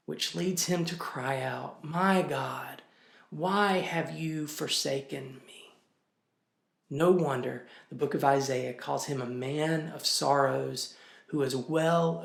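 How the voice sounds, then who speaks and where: A male pastor delivers a sermon in a slow, deliberate, earnest cadence. His voice is gravelly with a touch of fry and sits a little high for a man. The sound is roomy and echoey. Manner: slow, measured and earnest, with gentle pauses. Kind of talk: short sermon message.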